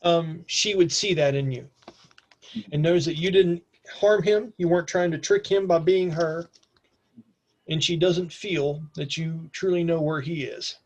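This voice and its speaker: A man's voice: on the high side, measured pace. A man narrating a tabletop game as game master in a casual way, with fillers.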